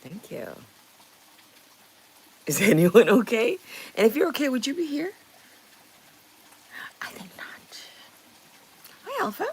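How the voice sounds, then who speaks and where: A fairly high, sing-song, darkish voice comes slowly with long pauses against slight background noise. It belongs to a middle-aged Canadian livestream host who chats bluntly with viewers, swearing and laughing often.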